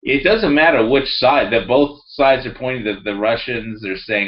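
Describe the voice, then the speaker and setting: A man's voice: mid-range voice, moderate pace, muffled recording. A man ranting heatedly in a rambling, profane way and reading his own forum post aloud. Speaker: video blogger.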